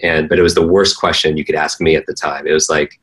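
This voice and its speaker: Man, very low voice, earnest, conversational storytelling, restarts, fillers. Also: level tone, quick pace, fairly bright tone, poor audio. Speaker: interview guest, learning coach.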